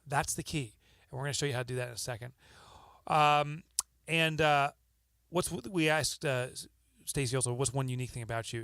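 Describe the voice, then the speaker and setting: A man's voice: mid-range voice, a little fast, gravelly, a bit bright, no echo. A man with a New Jersey accent hosting a podcast in a loose, chatty, joking way. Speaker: podcast host.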